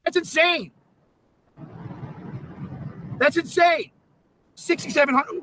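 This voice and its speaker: A man with a strikingly high voice and a hard, bright edge vents on a livestream. He swears at nearly every turn and repeats his points in indignation. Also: lively intonation, takes it slowly, long pauses, poor audio. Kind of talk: angry livestream rant.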